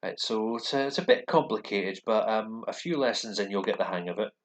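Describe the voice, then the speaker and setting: A man with a somewhat low voice talks through a lesson in a casual, explanatory way. He sounds relaxed and thinks aloud, pausing often between phrases. He is at a computer in a dark room. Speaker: language learner recording his lessons.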